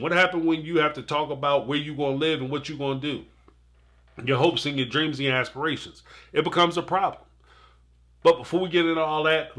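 Male streamer, animated casual commentary, bright and slightly high. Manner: animated, talks to the audience directly, laughs often. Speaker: live show host. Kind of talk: casual commentary on a reality show.

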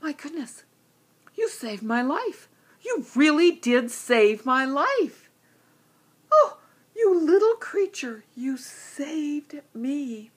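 A woman voicing a proud, majestic male lion in a children's story, speaking in a loud, boastful way. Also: fairly high pitch, big pitch swings, measured pace, husky, exaggerated voice. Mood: grateful.

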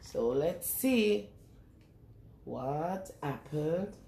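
A woman reading a picture book aloud to young children in a lively sing-song way, stopping often to ask them questions. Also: low voice, drawn-out words, creaky, roomy sound. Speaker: children's storyteller.

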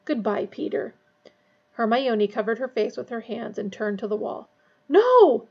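Woman reader, novel aloud, high and gravelly, dull lo-fi sound. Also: fairly even intonation, normal speed. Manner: casual recap before reading.

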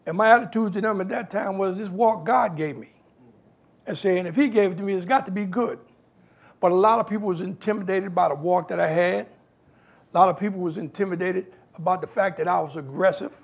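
A man from New York with a high, gravelly voice and a breathy edge talks briskly. Appearing as a guest speaker, he tells animated stories from his life and acts out the voices of the people in them.

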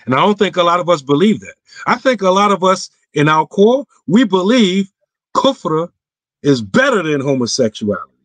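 A man's voice: sits high, sing-song, normal speed, dry recording. A man, an imam, answering viewer questions on an online roundtable in a casual, emphatic way, his voice climbing when he stresses a point. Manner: casual, clipped everyday grammar.

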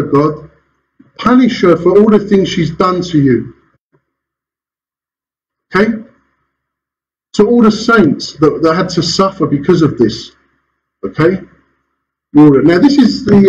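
A male pastor preaching with a fairly high voice that swoops and leaps through each phrase. He drives his points home with rhetorical questions and a quick chuckle. The recording is a bit dull and muffled, with a faint hum of the room behind him. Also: lively intonation, darkish tone. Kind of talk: sermon. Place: church hall.

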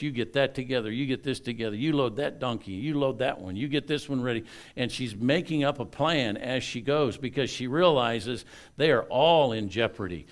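A man at mid pitch preaching a sermon. He retells the story with energy, jumping from loud bursts to hushed lines and tossing casual asides to the congregation. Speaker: pastor.

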